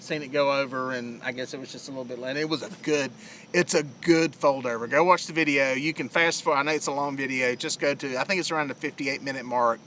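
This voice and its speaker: A man's voice: medium pitch, bright, forceful tone, a little hiss or hum. A middle-aged man with a Southern US accent, chatting casually to viewers on a live fishing stream outdoors by a lake, rambling with plenty of fillers. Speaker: fishing livestream host.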